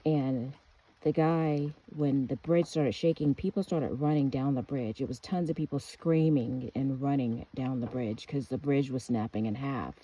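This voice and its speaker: A woman's voice: a bass voice, steady tone, measured pace, mellow, slightly rough, dull audio. Earnest woman recounting a vivid dream. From United States. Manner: earnest, rambling with restarts and fillers. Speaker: speaker giving a testimony. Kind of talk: personal storytelling.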